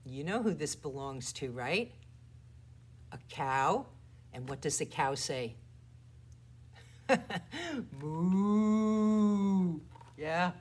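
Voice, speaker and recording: Playful children's librarian woman, very slow. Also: rumbling low, lively intonation, slightly rough. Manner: playful, exaggerated loud and soft voices for toddlers. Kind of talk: storytime rhymes and picture-book reading.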